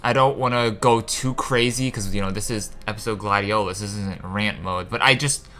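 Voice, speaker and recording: A man's voice: on the low side, moderate pace, pushed and bright, a little hiss or hum. A young man hosting a gaming channel, ranting casually about a game's story, frustrated and profane, with rambling asides. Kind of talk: casual rant about a game.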